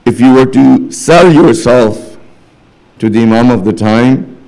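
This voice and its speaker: Gravelly man preaching a sermon. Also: unhurried, dark tone, poor audio. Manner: rises to impassioned, high-pitched pleading near the end; retells stories with quoted dialogue. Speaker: religious speaker. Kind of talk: majlis sermon. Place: mosque hall.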